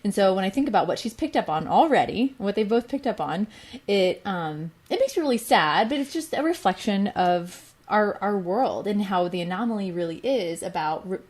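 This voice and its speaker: A woman's voice: medium pitch, expressive, normal speed. Reflective mother in her thirties, co-hosting. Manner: warm-hearted, reflective, "you know" fillers. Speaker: co-host. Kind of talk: casual heartfelt talk-show chat.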